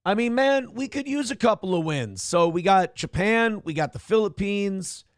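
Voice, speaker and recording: A man's voice: sits high, lively intonation, normal speed, dry recording, studio quality. Blunt, profane male show host. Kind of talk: casual political commentary.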